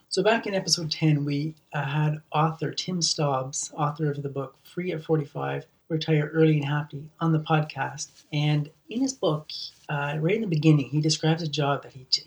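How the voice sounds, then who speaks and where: A man's voice: a little high, vocal fry, distant mic. A man hosting a solo podcast, talking earnestly and often repeating words as he restarts sentences. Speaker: podcast host.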